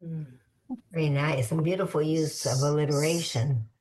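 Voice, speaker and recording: Low-voiced woman host, hesitant. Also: steady tone, normal speed, a little mellow. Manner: hesitant, many fillers. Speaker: radio show host. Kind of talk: interviewing poets.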